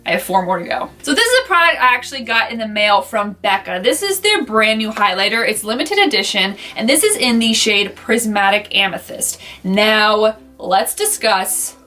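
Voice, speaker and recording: A woman's voice: mid-range voice, animated, moderate pace, hardly any pauses, sharp tone, soft background music. A young adult woman chatting casually through a beauty favorites review, enthusiastic and rambling with lots of asides. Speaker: beauty vlogger. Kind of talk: casual product review chat.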